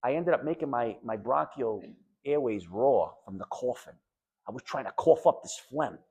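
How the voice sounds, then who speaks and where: A middle-aged man with a New England accent candidly tells an audience his own story as a patient, speaking bluntly, emphatically and conversationally. He quotes others in animated voices. His voice is medium-pitched, creaky and slightly rough, at a normal speed.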